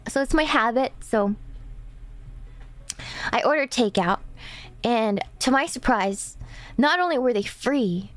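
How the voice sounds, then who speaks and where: A woman streamer chatting casually, rambling and chatty, full of "like" and restarts. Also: a little high. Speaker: streamer host. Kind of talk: casual livestream chat.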